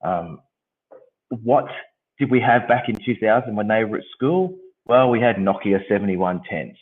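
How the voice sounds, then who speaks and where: A man with a croaky head-cold voice giving an online conference talk, hesitant, with many ums and restarts. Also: fairly low pitch, expressive, normal speed. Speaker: conference presenter. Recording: tinny phone-like line.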